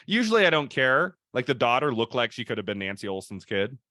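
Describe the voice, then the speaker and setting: Bright-voiced man in casual podcast chat. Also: mid-range voice, very animated, moderate pace, dry recording, studio quality. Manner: chatty, laughs often, restarts sentences. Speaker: podcast host.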